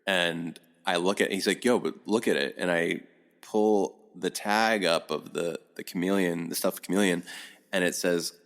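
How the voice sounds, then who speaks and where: A middle-aged man appears as a podcast guest, spinning a long, rambling story in casual conversation. He is animated and swears a lot, speaking in a deep, unhurried voice.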